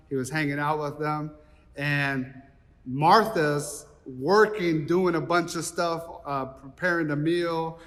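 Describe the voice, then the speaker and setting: A man's voice: on the high side, fairly bright tone, in a large hall. A man preaching a sermon as pastor, retelling the story in a casual, conversational way and acting out the dialogue. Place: church.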